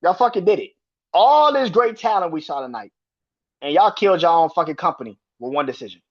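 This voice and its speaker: Husky man ranting with swinging pitch. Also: animated, fairly quick. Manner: profane, exasperated, repeats himself. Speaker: podcast host. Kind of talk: heated wrestling rant. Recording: dull lo-fi recording.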